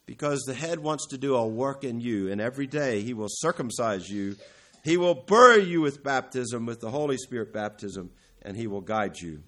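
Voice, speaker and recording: A man preaching a sermon, building to emphatic, louder peaks and then dropping to low, quiet stretches, with self-corrections and occasional throat-clearing. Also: normal speed. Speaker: pastor.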